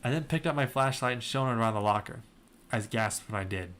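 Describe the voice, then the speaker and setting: Young guy reading fanfic out loud for laughs, dry and sarcastic, normal pitch. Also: fairly quick. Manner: dry, breaks into laughter and asides. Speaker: video host reading fan fiction. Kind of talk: comedic dramatic reading with commentary.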